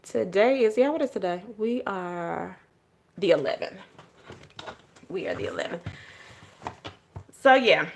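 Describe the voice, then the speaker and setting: A young adult woman vlogging casually to her viewers, telling a story with lively acted-out quotes and calling them y'all. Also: on the low side, a little slow, gravelly, pauses often, a little hiss or hum. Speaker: journaling vlogger.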